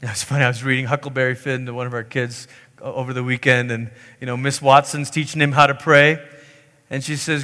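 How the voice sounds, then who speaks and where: A man's voice: flat delivery, brisk, pushed and bright, big-room sound. A man preaching a sermon, emphatic, lifting his voice when he acts out the pleas he quotes. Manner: emphatic, voicing quoted pleas in a higher pitch. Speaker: pastor.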